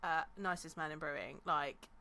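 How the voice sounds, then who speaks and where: Bright-voiced woman co-host, playful. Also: deep voice, vocal fry, a little hiss or hum. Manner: playful, quick agreeing interjections and laughter. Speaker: podcast co-host. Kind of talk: casual chat.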